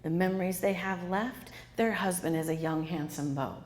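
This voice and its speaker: A woman author and speaker gives an interactive talk before a live audience, quizzing listeners and echoing their answers back to them. Her voice is lowish and a little mellow, at normal speed, with a long reverb tail.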